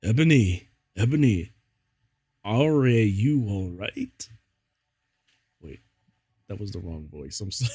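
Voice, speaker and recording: A man's voice: low voice, a little mellow, no echo. Giggly man reading fan fiction aloud. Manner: giggly, breaks up laughing. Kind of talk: casual comedic reading.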